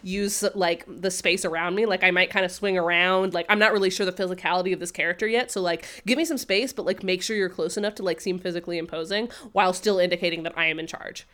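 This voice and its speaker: A woman's voice: lowish voice, fairly even intonation, fast talker, hardly any pauses, a bit bright. A woman co-hosting a podcast, chatting casually, filling her talk with "like" and laughing easily. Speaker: podcast co-host recapping a TV show. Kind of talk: casual chat.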